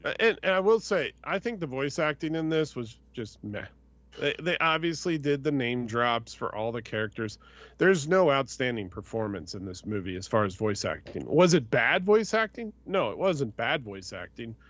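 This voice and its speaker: A man's voice: mid-range voice, big pitch swings, normal speed, a bit bright, no room sound. A man co-hosting a podcast in casual chat, emphatic and repeating himself to make his point. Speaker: podcast co-host. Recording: dull, slightly lo-fi podcast mic.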